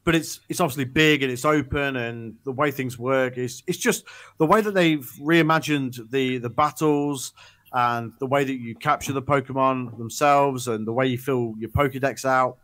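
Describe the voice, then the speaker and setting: Dude rambling on a podcast, lots of ums and restarts, chatty. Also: male voice, medium pitch, normal speed, fairly bright tone. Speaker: podcast co-host. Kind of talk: casual chat.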